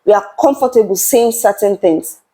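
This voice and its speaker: Earnest woman with a mellow voice. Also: mid-range voice, lively intonation, moderate pace, rough recording. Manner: passionate, emphatic, repeats words while building a point. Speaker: channel host. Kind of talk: earnest talk-to-camera commentary.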